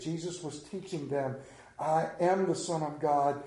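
Animated high-voiced preacher man, echoey room. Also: unhurried. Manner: animated storytelling, acts out scenes with big pitch swings. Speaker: pastor. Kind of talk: sermon. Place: room with a congregation.

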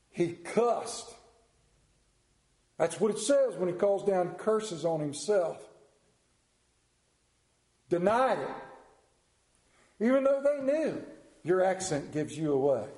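A middle-aged man with a rural Southern American accent preaches a sermon, telling stories in a folksy, animated way punctuated by sudden quiet drops. His voice is high-pitched and he takes it slowly, with long pauses, in an echoey room.

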